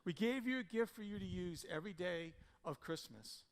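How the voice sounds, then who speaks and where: Male pastor, sermon delivery, gravelly voice, big emphatic swings, long church-hall reverb. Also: sits high, expressive, moderate pace. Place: church sanctuary.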